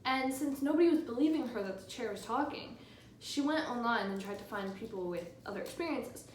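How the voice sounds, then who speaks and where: A woman's voice: a little high, lively intonation, fairly quick, a little hiss or hum. A woman co-hosting a podcast, improvising a silly story with giggles and rambling, in an echoey room with a distant mic. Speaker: podcast co-host.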